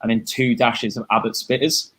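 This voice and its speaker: An easygoing man talks cocktails and food pairings with open enthusiasm. He leans on "like" and quick restarts. His voice sits at a plain middle pitch for a man. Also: flat delivery, fairly bright tone, breathy edge. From United Kingdom. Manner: easygoing, enthusiastic, filler-heavy with "like". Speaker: bartender and co-host. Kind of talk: casual live tasting chat.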